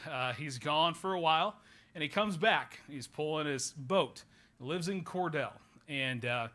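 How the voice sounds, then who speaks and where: A man's voice: a little high, bright, forceful tone. A man in his thirties with an Oklahoma accent, a pastor telling a folksy, rambling story during a church service. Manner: folksy, rambling anecdote with many fillers. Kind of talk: sermon storytelling. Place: church sanctuary.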